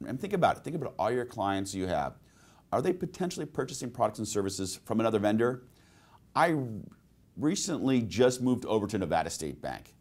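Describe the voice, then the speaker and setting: A male sales trainer with a mid-range, slightly mellow voice presents a webinar, telling stories and posing rhetorical questions to the audience.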